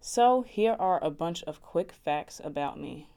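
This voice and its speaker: Low-voiced chatty young woman. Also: animated, unhurried, creaky, dark tone, clear, resonant tone. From New Jersey. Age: young adult. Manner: chatty, rambling, giggly. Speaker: podcast host. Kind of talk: casual solo podcast monologue.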